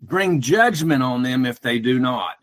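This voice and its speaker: A man calling in to a talk show, speaking earnestly and haltingly, often restarting his sentences. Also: mid-range voice, lively intonation, fairly bright tone. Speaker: caller. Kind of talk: casual call-in chat.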